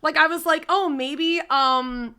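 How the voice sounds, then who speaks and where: A woman streamer casually telling a story to her chat, animated and swearing freely. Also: sits high, takes it slowly. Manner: animated, swears freely, breaks into loud laughs.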